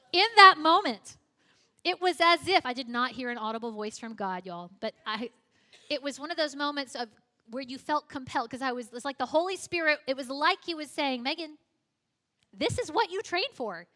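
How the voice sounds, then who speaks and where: A woman speaking at a church, telling a story in a lively way and acting out the dialogue. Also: sits high, moderate pace, big-room sound. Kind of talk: storytelling sermon.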